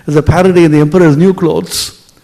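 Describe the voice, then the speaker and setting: Man, high voice, spiritual lecture, expressive storytelling, soft emphatic drops. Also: quick pace, gravelly.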